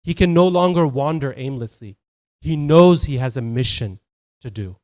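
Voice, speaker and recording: A man's voice: mid-range voice, lively intonation, moderate pace, a little mellow. A man giving a Sunday sermon as a temple speaker, telling stories conversationally, with many fillers and restarts.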